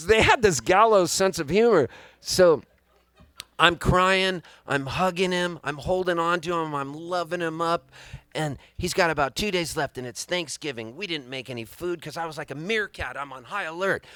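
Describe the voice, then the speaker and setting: A man in his fifties telling a long comic story live on stage, animated and rambling with wry timing. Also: a little high, moderate pace, dry recording. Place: live music venue on stage.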